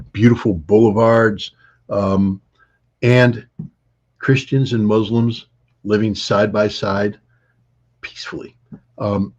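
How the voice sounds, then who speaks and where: Husky low-voiced guy rambling thru a travel story, lots of ums, dull lo-fi audio. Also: a little mellow. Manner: rambling anecdotes with many fillers and restarts. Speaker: interview guest. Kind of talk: conversational storytelling.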